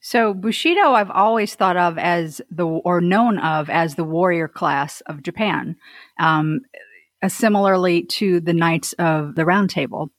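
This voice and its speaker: A woman's voice: on the low side, a little slow, no room sound. A woman who teaches karate, explaining her thoughts step by step in a casual group discussion. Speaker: karate instructor, panelist.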